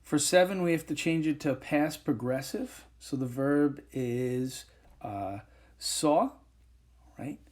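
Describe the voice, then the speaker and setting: A man walks through an English grammar lesson step by step in a whiteboard recording, pausing often and using plenty of fillers. His pitch is fairly high and his voice a little mellow.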